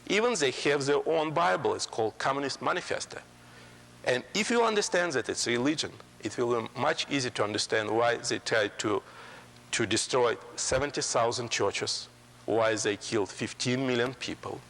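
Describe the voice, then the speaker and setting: A man giving a public lecture in halting English, with frequent ums and restarts. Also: mid-range voice, expressive, creaky, fairly bright tone, long reverb tail. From Soviet Union. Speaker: guest lecturer.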